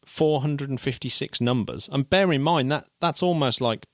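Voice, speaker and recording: Male podcast host, excitable, chatty, dry close mic. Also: mid-range voice, normal speed, no room sound. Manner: animated, laughing easily, many restarts. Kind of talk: casual chat.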